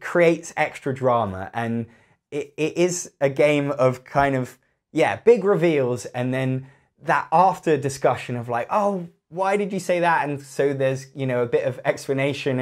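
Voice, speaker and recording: Man, croaky voice, casual game review, chatty, animated, acts out friends' remarks. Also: mid-range voice.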